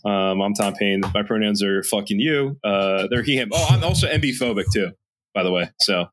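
A man with a Philadelphia accent, co-hosting a casual podcast in a loud, profane, ranting way. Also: lowish voice, animated, moderate pace, slight background noise. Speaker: podcast co-host; teacher. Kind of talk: casual chat.

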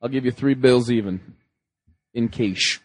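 A man co-hosting a podcast, chatting eagerly and quickly. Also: mid-range voice, no room sound. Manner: eager, fast talk, mock-medieval outbursts. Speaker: podcast co-host. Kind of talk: casual chat.

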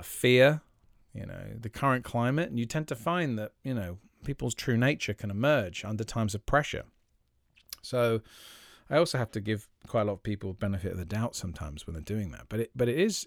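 A man hosting his own podcast, talking reflectively and haltingly with many fillers and restarts. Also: mid-range voice, gravelly, dry recording, studio quality. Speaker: podcast host, magician. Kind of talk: reflective solo podcast talk.

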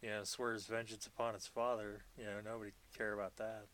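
A man's voice: fairly low pitch, little pitch movement, fairly quick, a bit bright, slight background noise. A man co-hosting a casual podcast, recapping a film in a rambling, joking way with frequent swearing. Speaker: podcast co-host. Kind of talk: casual movie recap chat.

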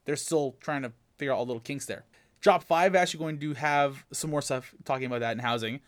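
A man co-hosting a gaming podcast, recapping news in an excitable, rambling way. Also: mid-range voice, fast. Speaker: podcast co-host. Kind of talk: casual gaming podcast chat.

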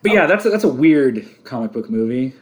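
A man's voice: medium pitch, sing-song, fairly quick. Laughing man rambling about a movie. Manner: rambling, laughs often, swears casually. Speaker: podcast co-host. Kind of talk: casual movie commentary chat.

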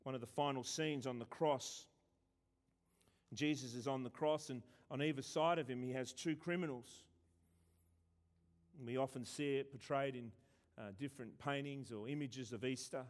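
A man preaching a sermon who stresses words and swings between loud and hushed, often repeating himself. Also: mid-range voice, steady tone, normal speed, long pauses.

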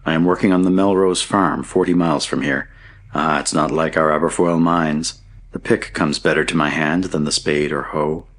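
A man's voice: a bass voice, steady tone, normal speed, fairly bright tone, full character voice. A man reading an audiobook, voicing a cheerful young male Scottish miner turned farmhand in a hearty, merry way. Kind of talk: audiobook character voice.

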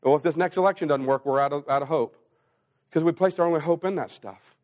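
A man preaching a sermon as pastor, swinging between loud, rising emphasis and hushed, slow passages. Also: fairly high pitch.

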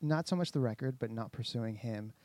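A man's voice: mid-range voice, brisk, a little mellow, dry recording. A man chatting casually on a podcast, telling a rambling story with lots of fillers and restarts. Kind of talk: casual chat.

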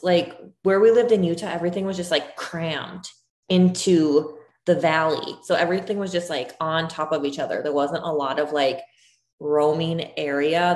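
A woman in her thirties chatting casually, full of "like" fillers. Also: lowish voice. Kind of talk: casual chat. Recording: roomy echo.

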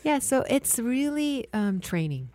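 A woman chatting in a lively, story-telling way, at times dropping into a soft, hushed guided meditation. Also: high-pitched, measured pace, no room sound. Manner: slips into hushed whispery guidance. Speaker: guest, energy healer. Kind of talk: casual chat, guided meditation.

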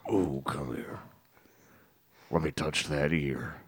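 A very deep, husky growl for a creepy, lecherous weirdo in a comedic game role-play. The voice is dry and close, with no room around it. It creeps along in a slow, leering drawl. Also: male voice, fairly even intonation, a bit bright, dry recording, heavily acted. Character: creepy lecherous male weirdo called Cooter.

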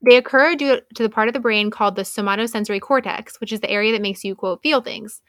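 A young woman in casual podcast chat, playful and quick to explain, often laughing. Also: on the high side, fairly bright tone, no room sound, studio quality.

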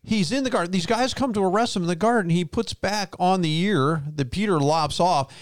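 A man's voice: sits high, brisk, no echo. Chatty, rambling male pastor host. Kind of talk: casual faith podcast chat.

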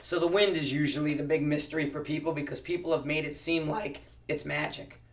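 A man's voice: fairly high pitch, steady tone, a little fast, far from the mic. A man who teaches precision rifle shooting, answering interview questions casually and explaining with practical analogies, often restarting his sentences.

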